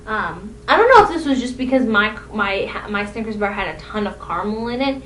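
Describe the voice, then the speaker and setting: A woman's voice: animated, brisk, fairly bright tone. A young woman telling rambling, self-deprecating stories from her own life in a casual vlog. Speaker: vlogger. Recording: echoey room, distant mic, faint rumble.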